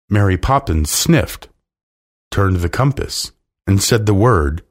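Deep-voiced man reading a children's story. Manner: slow, expressive reading. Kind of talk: children's story read aloud.

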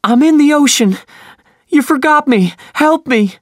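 A man's voice: expressive, unhurried, dry recording, clean studio sound. A man voicing a frightened young boy who cries out for help. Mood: frantic. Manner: high, crying out.

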